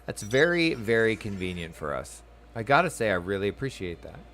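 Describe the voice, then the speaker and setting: A man's voice: lowish voice, big pitch swings, a little fast, a bit bright, slight background noise. A man giving casual, playful commentary while playing a video game. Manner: playful, chatty. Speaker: gameplay host.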